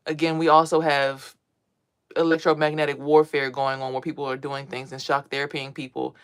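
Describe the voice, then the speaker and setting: A woman's voice: rumbling low, little pitch movement, normal speed, smooth. Blunt, profane woman vlogging. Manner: blunt, profane, emphatic storytelling. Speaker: spiritual vlogger. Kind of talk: casual monologue to a live chat.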